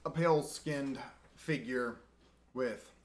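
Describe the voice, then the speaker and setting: A man running a tabletop game as game master, narrating in a relaxed way and checking his notes. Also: mid-range voice, takes it slowly.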